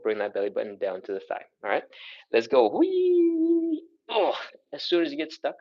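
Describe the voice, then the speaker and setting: A man's voice: mid-range voice, highs cut off. A man leading a live stretching workout, giving upbeat cues, counting down and breathing audibly as he stretches along. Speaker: stretching instructor.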